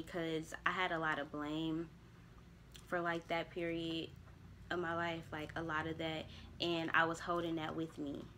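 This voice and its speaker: Gravelly low-voiced woman talking candidly. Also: bright, forceful tone, a little hiss or hum. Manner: candid, spiritual, motivational, swears casually. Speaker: vlogger. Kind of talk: casual reflective monologue.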